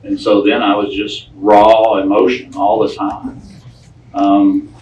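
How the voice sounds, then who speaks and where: A man's voice: fairly low pitch, little pitch movement, slow, darkish tone, recorded from a distance, slight background noise. A man sharing his recovery story with a group in a folksy, plain-spoken way, often repeating his words. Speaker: recovery speaker. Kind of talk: personal recovery talk to a group. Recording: echoey room, speaker off-mic.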